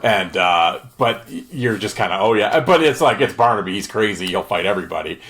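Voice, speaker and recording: A man with a fairly low voice reads old newspaper pieces aloud at a quick clip. When the talk turns casual he gets animated, rambling through his thoughts. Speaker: podcast co-host. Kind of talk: reading articles aloud and casual chat.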